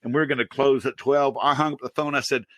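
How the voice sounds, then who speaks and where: Co-host, man, late 40s, animated storyteller, close dry mic. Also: quick pace, no room sound. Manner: animated storyteller, pitches up for quoted outbursts, laughs often. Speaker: podcast co-host. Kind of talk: casual storytelling.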